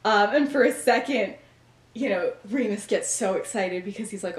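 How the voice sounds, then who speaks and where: A woman's voice: a little high, normal speed, a little mellow. A young woman hosting a podcast, retelling a story in casual chat and animatedly acting out the characters' lines. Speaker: podcast host. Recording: echoey room.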